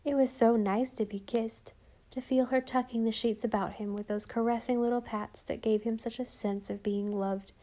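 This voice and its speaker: A woman narrating a storybook audiobook in a gentle, expressive way. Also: a little high, moderate pace. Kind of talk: scripted narration.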